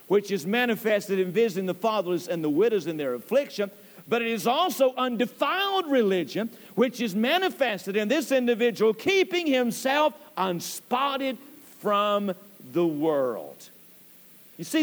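A male pastor, preaching a storytelling sermon in a church and swinging between hushed and loud passages. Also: sits high. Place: church sanctuary. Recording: church hall with long reverb.

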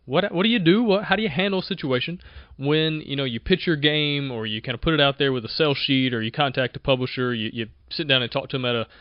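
A man hosting a podcast, talking in an energetic, conversational way and often repeating himself as he goes. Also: mid-range voice, fast, dry recording, highs cut off. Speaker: podcast host. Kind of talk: casual motivational monologue.

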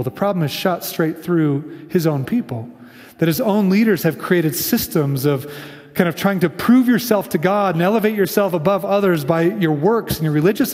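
A man's voice: high voice, darkish tone, in a large hall. A man preaching a sermon in a casual storytelling way, often slipping into quoted lines. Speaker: pastor.

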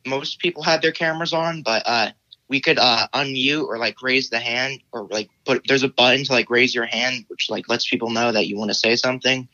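Teenage boy, podcast guest, bright tone, hesitant, dull lo-fi line. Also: medium pitch, fairly even intonation, brisk, dry recording. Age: teens. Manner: hesitant, many fillers like "uh" and "like". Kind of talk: casual interview answers.

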